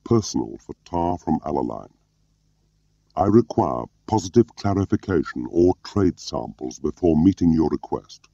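A rule-bound male cipher clerk , put on by a man reading the story objects in a flat, matter-of-fact way. The voice is very deep and gravelly. The recording is dull and dry. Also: moderate pace, dry recording, full character voice. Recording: muffled lo-fi recording.

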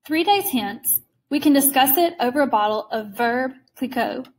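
A woman's voice: high-pitched, lively intonation, moderate pace, darkish tone. A woman reading aloud voices a suave, menacing older male general with polished, amused courtesy. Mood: courtly.

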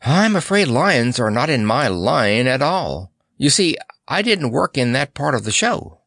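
A man's voice: medium pitch, sing-song, a little slow, creaky, fairly bright tone, no echo, clean studio sound, voice pushed up, exaggerated voice. A man voicing a polite, good-humored male circus clown with a jokey manner.

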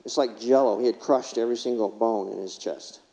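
A man's voice: mid-range voice, a little fast, dark tone. A middle-aged man, a former paramedic, giving a keynote speech, telling stories and putting questions to the audience. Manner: storytelling, asks the audience questions. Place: large conference hall. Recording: reverberant hall, dull lo-fi sound.

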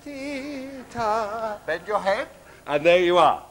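A kindly, bumbling pantomime father who cracks puns and mutters asides, voice fairly high and lively in pitch. The performance is live theatre comedy. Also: moderate pace, slight background noise. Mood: doting. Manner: gentle, punning, mumbling asides. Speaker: comic actor. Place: theatre stage.

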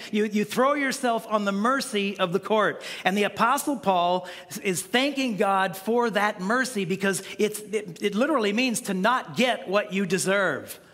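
A man's voice: high-pitched, fairly bright tone, big-room sound. A man preaching a sermon as pastor in a conversational style, often restarting and repeating words. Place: church sanctuary.

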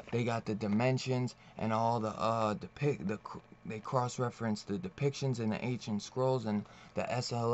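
A man's voice: on the low side, a little hiss or hum. A man reviewing a comic book in a loose, rambling way, swearing freely and laughing often. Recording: dull lo-fi recording.

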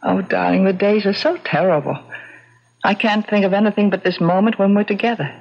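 A woman's voice: mid-range voice, fairly quick, gravelly. An actress playing a lonely widow who dotes on her ghost husband, in old-time radio drama style. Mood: doting. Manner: gushing, pleading, doting. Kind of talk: 1940s radio acting. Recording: muffled old radio broadcast.

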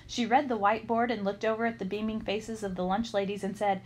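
A woman reading a children's chapter book aloud, her voice at an everyday middle pitch. She tells the story in a lively, expressive way. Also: quick pace, hardly any pauses, poor audio. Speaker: storybook reader.

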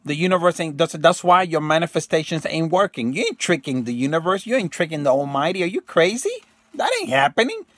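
A man's voice: a little high, very animated, brisk, fairly bright tone, no echo. A man talking casually and emphatically to his viewers in a rambling monologue, slipping into slang and acting out quotes. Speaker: self-help video host.

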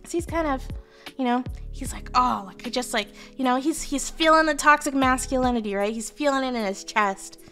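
A woman retells history as casual comedy, chatting irreverently with plenty of swearing and fillers. Her voice sits a little high, and faint music plays beneath. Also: steady tone, brisk, fairly bright tone. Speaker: history storyteller, virtual streamer.

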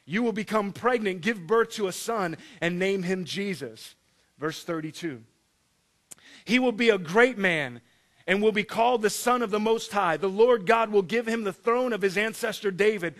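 A man preaching a sermon, animated and joking, acting out the story in voices. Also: high-pitched, normal speed. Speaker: pastor.

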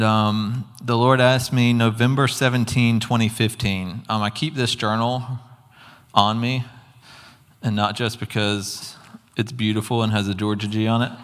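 A man's voice: on the low side, a bit bright. A man giving an earnest, conversational sermon testimony with casual asides. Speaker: preacher. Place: church hall. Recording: long hall reverb.

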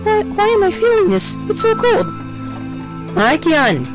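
A man voicing a frightened young character, high and strained, reading game dialogue over music. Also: wildly swooping pitch, measured pace, heavily acted. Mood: panicked. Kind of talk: game dialogue read aloud. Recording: game music playing behind.

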